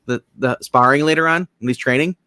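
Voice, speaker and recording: A man co-hosts a movie chat in an eager, enthusiastic voice, jumping in with his own points. His pitch sits in the middle range, and the recording is dry and close. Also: sharp tone, clear, resonant tone, no echo. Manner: eager, enthusiastic, quick to jump in. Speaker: movie show co-host. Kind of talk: casual film discussion.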